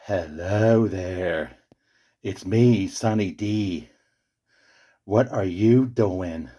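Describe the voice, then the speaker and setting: Man playing a slow-talking know-it-all, low-ish voice, lectures. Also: warm tone, heavily acted. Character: fussy pedantic male character. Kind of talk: comedy skit.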